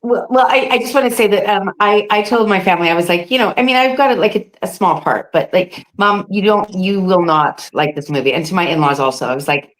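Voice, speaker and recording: A woman who is a film cast member, a guest telling animated stories with lots of restarts in a casual interview. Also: mid-range voice, fairly quick, hardly any pauses.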